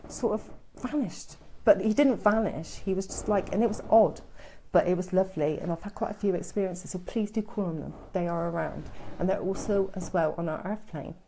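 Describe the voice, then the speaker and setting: A woman's voice: lowish voice, a little fast, mellow, a little hiss or hum. A woman giving casual live-stream psychic readings, soothing and chatty, calling her listeners sweetheart and darling. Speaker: psychic medium.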